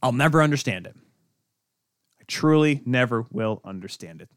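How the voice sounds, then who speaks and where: A man's voice: medium pitch, animated, moderate pace, dry recording, studio quality. A man hosting a sports podcast, ranting in an exasperated, sarcastic way. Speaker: podcast host. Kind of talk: heated sports rant.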